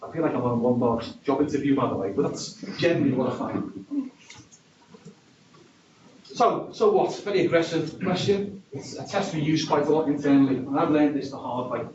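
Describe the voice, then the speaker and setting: A man with a regional accent gives a conference presentation in a wry, conversational, self-deprecating style, his medium-pitched voice animated, fast and darkish. He's captured in a conference hall on a distant, dull, echoey recording with slight background noise.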